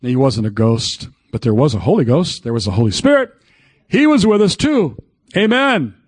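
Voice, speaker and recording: A man's voice: medium pitch, very animated, moderate pace, breathy edge, dry recording. An older man, a pastor, preaching a folksy, emphatic sermon and breaking into old hymns.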